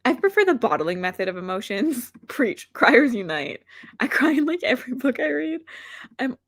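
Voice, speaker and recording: Hosting reading sprints as a booktuber, a woman speaks at normal speed in a fairly high voice with big pitch swings, in a dry recording. The casual livestream finds her chatty and self-deprecating, rambling with plenty of "like" fillers and reading out comments from viewers.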